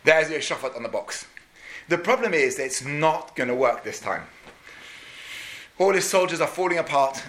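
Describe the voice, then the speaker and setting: A man's voice: mid-range voice, a bit bright. A man giving a storytelling sermon, dramatic and sweeping, with Hebrew terms woven in. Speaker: preacher.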